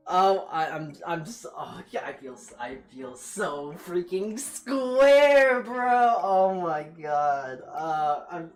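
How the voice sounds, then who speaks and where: A woman's voice: medium pitch, lively intonation, a little slow, hardly any pauses. A woman streamer chatting live to her viewers, flustered, self-mocking and apologetic, often exclaiming. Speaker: virtual streamer. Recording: echoey room, faint background music.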